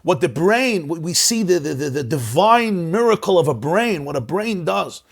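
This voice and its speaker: A man's voice: big pitch swings, moderate pace, vocal fry. A man, a rabbi hosting a conversational discussion, who speaks emphatically and often repeats words while searching for them. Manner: swings between soft low asides and rising stressed words. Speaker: rabbi and host.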